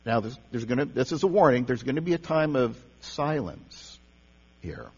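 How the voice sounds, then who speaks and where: A man's voice: mid-range voice, expressive, normal speed, breathy edge. A man giving a conversational sermon in a church, often repeating words and restarting phrases as he teaches. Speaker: pastor or teacher leading a service. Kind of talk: sermon on meditation. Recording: dull lo-fi sound with long hall reverb and mains hum.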